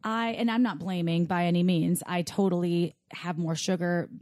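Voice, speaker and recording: A woman's voice: fairly low pitch, fairly even intonation, moderate pace, darkish tone, no room sound, studio quality. A woman co-hosting a podcast, chatting in a playful, rambling way. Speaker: podcast co-host. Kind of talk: casual chat.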